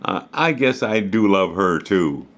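A man's voice: low voice, expressive, a little slow, a bit bright, heavily acted. A man voicing a young girl who stands up for her little brother, in a children's story reading. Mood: earnest. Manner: earnest, pleading delivery.

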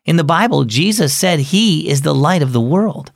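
A man voicing a caring older sister in a children's audio story, gentle and reassuring. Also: fairly high pitch, animated, moderate pace, gravelly, no echo, studio quality.

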